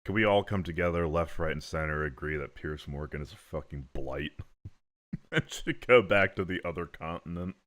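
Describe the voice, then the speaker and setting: This livestream host has a very deep yet fairly bright voice and talks at a normal speed. He reacts to clips with loose, rambling commentary, cursing often and laughing between remarks.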